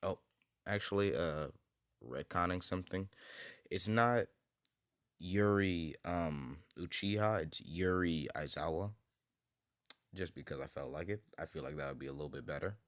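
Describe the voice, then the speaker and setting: A man's voice: sits low, moderate pace, pauses often, no echo, studio quality. A young man improvising a fan story, rambling and hesitant with many fillers.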